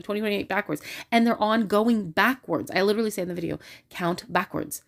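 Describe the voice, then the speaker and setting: Woman with a slightly low voice, chatty and excitable, recorded on a phone. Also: fast talker, vocal fry. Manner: excitable and talkative, many fillers. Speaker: religious video creator. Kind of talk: casual talk to camera.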